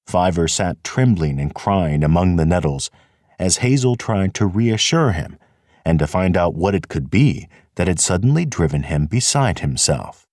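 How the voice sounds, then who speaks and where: A man reading an audiobook in a measured, expressive narration. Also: sits low, dry recording, clean studio sound. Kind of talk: scripted narration.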